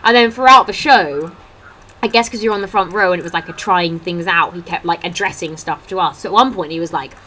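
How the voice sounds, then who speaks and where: A woman's voice: fairly low pitch, a little fast, fairly bright tone, slight background noise, poor audio. A young woman chatting into her laptop webcam at home, telling funny stories and acting out what others said. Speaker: vlogger. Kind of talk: casual chat. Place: indoors at a table at home.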